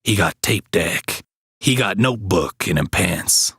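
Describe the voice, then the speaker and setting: A man's voice: low-pitched, animated, measured pace, creaky, a bit bright, breathy edge, dry recording. A man narrating a first-person story in clipped, broken backwoods grammar, recorded close on a dry mic. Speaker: author and reader.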